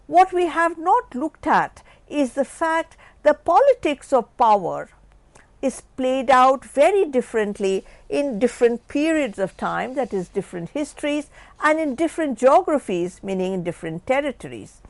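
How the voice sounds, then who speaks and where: A woman delivers an academic lecture in a fairly high voice, recorded dry and close. She talks in a measured way, rephrasing her ideas and lifting key words before her voice drops away at the ends of phrases. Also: sing-song, no room sound. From India. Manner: measured, restates points, rising emphasis then dropping off.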